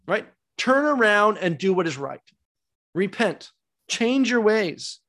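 A man's voice: sits high, sing-song, moderate pace, a bit bright. A man teaching a Bible study class, emphatic, asking rhetorical questions and repeating key words.

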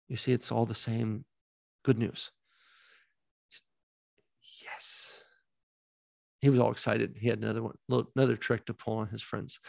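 A man's voice: mid-range voice, creaky. A man leading a Bible study, telling a story with quoted dialogue and growing fervent and emphatic.

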